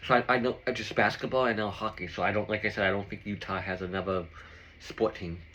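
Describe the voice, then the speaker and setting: A man vlogging to his viewers in a low, bright, forceful voice. He rambles and shares opinions loosely, piling up fillers as he eats. A faint background noise sits under his voice. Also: fairly even intonation, quick pace, muffled recording. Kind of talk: casual chat to viewers.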